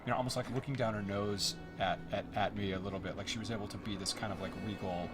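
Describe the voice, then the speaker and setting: Animated man telling studio stories. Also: on the low side, fast, over music. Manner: animated storyteller, acts out quotes. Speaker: game developer. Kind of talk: developer commentary chat.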